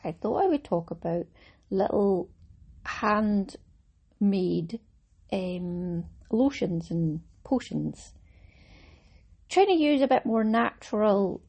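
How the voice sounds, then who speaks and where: A woman's voice: mid-range voice, dark tone, breathy edge. A woman hosting a casual craft podcast, chatting in a rambling, self-mocking way with fillers. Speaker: podcast host. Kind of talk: casual chat.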